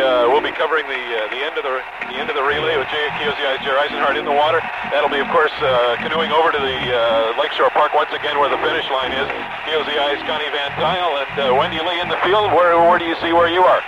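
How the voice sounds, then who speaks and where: A man hosting live radio coverage of a race, talking briskly with frequent fillers while calling the action from an aircraft. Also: fairly high pitch, steady tone, muffled recording, over a noisy crowd. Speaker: radio play-by-play host. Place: aircraft over the race course. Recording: loud engine noise over a radio link.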